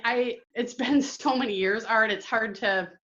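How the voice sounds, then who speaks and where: A woman from Michigan, calling in to a podcast and telling a story in a casual, excited way, with halting restarts. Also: fairly high pitch, dull audio. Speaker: caller sharing a memory.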